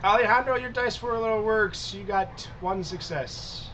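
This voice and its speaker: A man running a tabletop role-play session as storyteller, easygoing and halting, with many fillers and restarts. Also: high-pitched, fairly bright tone, a little hiss or hum, poor audio.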